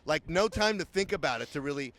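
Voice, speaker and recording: An older man, a voice actor guest, telling lively stories at a convention interview and acting out the voices of people he quotes. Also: a little high, fast talker. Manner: animated, acts out quoted voices. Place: convention floor.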